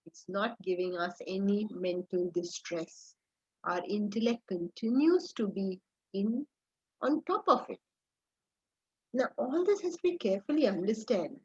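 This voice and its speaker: A woman's voice: on the high side, husky. A woman with an Indian accent teaching a scripture class in a conversational way, often checking in with her listeners and repeating phrases in lists. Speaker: spiritual teacher. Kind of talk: scripture lecture. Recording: dull lo-fi recording.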